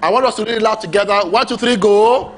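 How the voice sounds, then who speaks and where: A male pastor preaching a sermon, emphatic and animated, drawing responses from the congregation. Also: sits high, quick pace, slight background noise.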